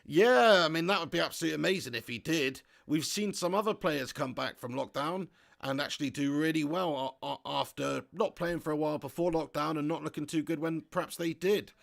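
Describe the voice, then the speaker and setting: A young man hosting a live football watch-along, reading viewer comments aloud and chatting excitably, laughing often and swearing casually. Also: fairly high pitch, brisk, vocal fry.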